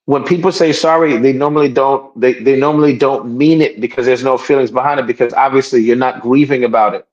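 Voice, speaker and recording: A man's voice: medium pitch, fairly even intonation, brisk, a little mellow, lo-fi sound. A man co-hosting a podcast in casual chat, talking emphatically, repeating himself and restarting his sentences. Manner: acts out quoted people in raised voices. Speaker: podcast co-host.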